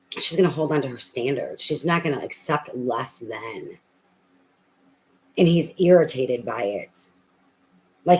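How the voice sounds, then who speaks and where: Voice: mid-range voice, rough recording. A tarot reader giving a casual reading, talking bluntly and emphatically with a lot of profanity and repetition.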